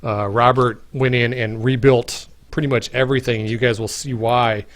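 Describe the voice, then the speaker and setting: A man hosts a casual livestream about game development. He rambles, restarts his sentences and fills pauses with "uh" and "like", in an ordinary mid-range voice. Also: mid-range voice, steady tone. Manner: rambling, full of fillers and restarts.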